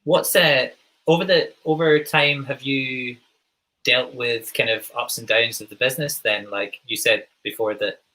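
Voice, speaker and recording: Bright, husky Glaswegian man. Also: mid-range voice, steady tone, low-quality recording. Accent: Scottish, Glaswegian, toned down. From Glasgow, Scotland. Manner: halting, full of ums and restarts. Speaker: podcast host. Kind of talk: casual interview chat.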